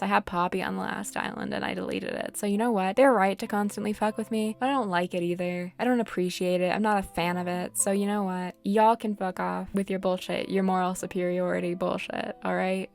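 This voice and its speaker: A young woman gives let's-play commentary on a game, sarcastic and profane, ranting at the characters she meets. Her voice carries a steady gravelly fry through a mid-range pitch. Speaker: gaming vlogger.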